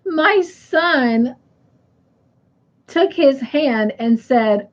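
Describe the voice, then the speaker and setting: A woman's voice: on the high side, drawn-out words, pauses often, dull audio. A middle-aged woman hosting a casual crafting live stream. She reads viewer comments aloud in a chatty way and laughs easily.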